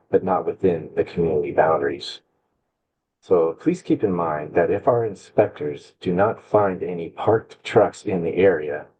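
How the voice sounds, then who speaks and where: A man from an agency giving a slide presentation at a public meeting over a video call, speaking haltingly with restarts. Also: low-pitched, dark tone, rough recording. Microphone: computer mic on a video call.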